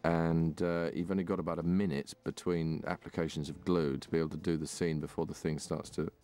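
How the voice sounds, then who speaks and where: A middle-aged actor talks through a film commentary in a dry, self-mocking way, often halting and restarting. His voice sits very deep. Faint film music plays in the background. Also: flat delivery, mellow. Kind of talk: DVD commentary chat.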